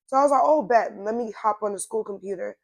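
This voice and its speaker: A young woman with a hoarse, worn-out voice tells a casual storytime straight to her viewers, in an animated, slangy way. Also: medium pitch, fast talker, a little hiss or hum. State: hoarse, voice nearly gone. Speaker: storytime vlogger.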